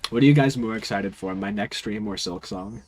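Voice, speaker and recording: Streaming a video game, a man with a lowish voice talks briskly and casually to his viewers, his manner laid-back, dry, and teasing.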